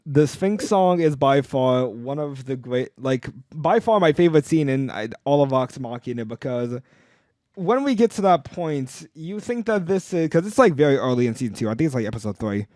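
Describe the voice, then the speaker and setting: A man's voice: mid-range voice, animated, moderate pace, darkish tone, dry recording, clean studio sound. A young man co-hosting a casual podcast, talking with enthusiasm, rambling through restarts and fillers. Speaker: podcast co-host.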